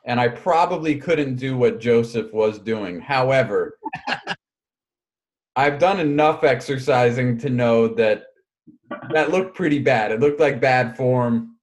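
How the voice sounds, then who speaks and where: Male podcast co-host, medium pitch, wry and self-deprecating delivery. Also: takes it slowly. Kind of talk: casual chat.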